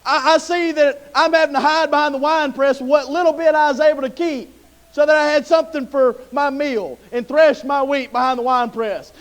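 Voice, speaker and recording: A man's voice: very high voice, fairly even intonation, normal speed. A man preaching a sermon with impassioned storytelling.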